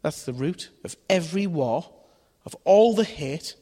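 In a mellow, higher-pitched voice with lively intonation, a man preaches a little slowly and conversationally. He asks his audience questions and acts out voices in his stories, and the recording has long hall reverb.

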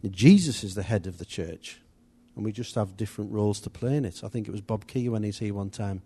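A man's voice: on the low side, brisk, dark tone, slightly rough. A man giving an informal, chatty church teaching, rambling a little with restarts and asides. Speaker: church leader.

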